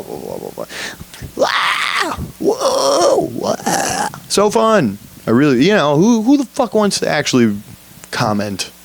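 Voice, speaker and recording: A young man hosting a solo podcast, rambling profanely in a casual rant, often laughing at himself. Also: mid-range voice. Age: young adult. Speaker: podcast host.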